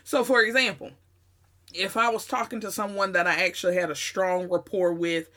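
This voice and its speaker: A woman's voice: mid-range voice, fairly even intonation, moderate pace, sharp tone. A woman with a Southern US accent telling a personal story in a conversational way, with emphatic asides. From Southern United States.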